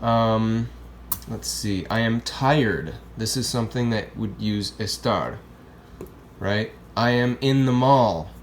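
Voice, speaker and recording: A Spanish teacher with a fairly low voice speaks slowly, explaining grammar in a casual, chatty classroom style. He often checks in with "okay?" and "right?", and there's slight background noise.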